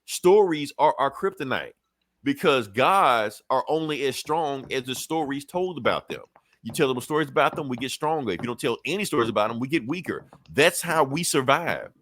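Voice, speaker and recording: A man co-hosting a podcast, casually recapping a comic with animated, profane retellings. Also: mid-range voice, moderate pace, slight background noise. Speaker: podcast co-host.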